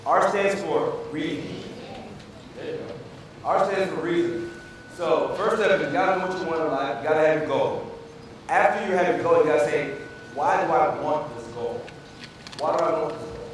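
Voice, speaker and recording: Emphatic man rallying a crowd. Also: on the high side. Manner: call-and-response with the audience, repetitive and emphatic. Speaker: physician speaking to students. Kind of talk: motivational speech. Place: large hall with a PA system. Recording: echoey hall, distant from the mic, noisy.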